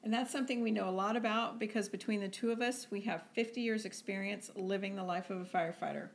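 Gravelly-voiced middle-aged woman co-host. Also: medium pitch, fairly even intonation, fast talker, a little hiss or hum. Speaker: podcast co-host, retired firefighter. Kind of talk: casual chat.

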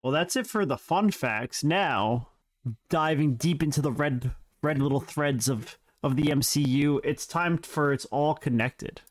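A man's voice: fairly high pitch, a little slow. A man co-hosting a podcast, reading prepared facts in casual, joking banter with his co-host. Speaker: podcast co-host presenting trivia.

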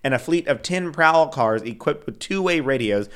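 A man's voice: fairly high pitch, animated, normal speed, a bit bright, clear, resonant tone. A man co-hosting a casual true-crime podcast, reading case details between rambling asides with lots of fillers. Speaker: podcast co-host.

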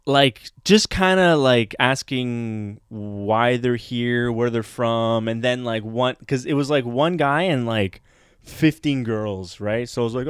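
Animated young man telling stories. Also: mid-range voice, slow, clear, resonant tone, dry recording, studio quality. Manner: animated storytelling, acts out quotes loudly, swears a lot. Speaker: podcast co-host, comedian. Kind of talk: casual chat.

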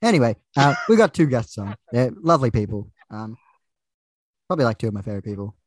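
Man, podcast host, animated pitch, dry close sound, joking, stammering. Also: fast talker, no echo. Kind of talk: casual chat.

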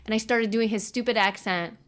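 A woman's voice: on the high side, steady tone, a little fast. A woman hosting a podcast, chatty and self-mocking, often laughing in casual talk. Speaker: podcast host.

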